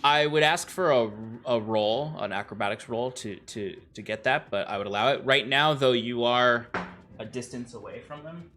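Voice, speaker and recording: A man's voice: mid-range voice, normal speed, sharp tone, faint music behind. A man running a tabletop game as game master, talking casually with frequent restarts. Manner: casual, rambling with restarts and laughs.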